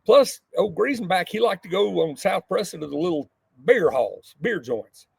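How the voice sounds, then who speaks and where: A middle-aged man, a podcast guest telling a folksy, animated story from his childhood. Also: high-pitched, moderate pace, creaky, husky, dry recording. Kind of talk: casual storytelling.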